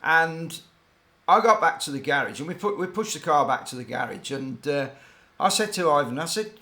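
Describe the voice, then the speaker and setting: A man's voice: a little high, lively intonation, moderate pace, pushed and bright. An older man, a former racing team mechanic, telling rambling, digressive stories in a casual, hesitant way. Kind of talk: casual anecdotal storytelling.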